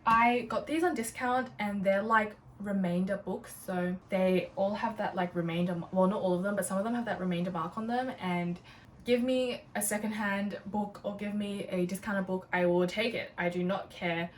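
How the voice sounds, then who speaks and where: A woman's voice: mid-range voice, steady tone, moderate pace. A young woman chatting casually and bubbly about her new books, with lots of "like" as she talks. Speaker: book vlogger. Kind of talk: casual book haul chat. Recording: a little distant from the mic, faint room noise.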